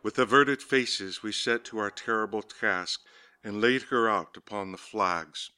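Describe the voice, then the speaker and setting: A man narrating a gothic horror story in a measured, ominous reading style. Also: on the low side, sharp tone, clean tone. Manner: measured, ominous, lingering on words. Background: faint music.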